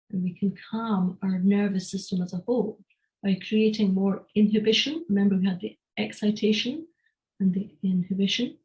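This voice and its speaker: A woman teaching a live online class, calmly explaining and guiding a breathing exercise. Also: medium pitch, low-quality recording. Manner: calm, measured explanation. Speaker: energy health teacher. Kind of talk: online lecture with guided breathing.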